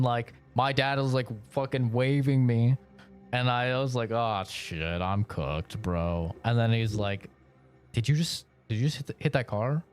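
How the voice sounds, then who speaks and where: Rambling young streamer guy. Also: medium pitch. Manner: rambling, laughing, slangy with lots of fillers. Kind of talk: casual storytelling while streaming.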